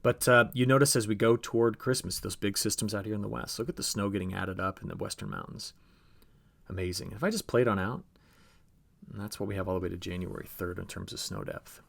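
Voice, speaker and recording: Deep gravelly-voiced man forecasting weather. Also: a little fast, a bit bright. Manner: chatty and conversational, restarts phrases, talks to viewers directly. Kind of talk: weather briefing over forecast maps.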